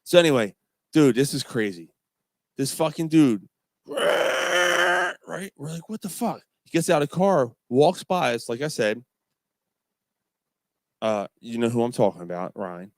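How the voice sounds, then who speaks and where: Man, middle-aged, casual podcast chat, animated storyteller, swears a lot, dry close sound. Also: mid-range voice, unhurried, pauses often, dry recording. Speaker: podcast co-host.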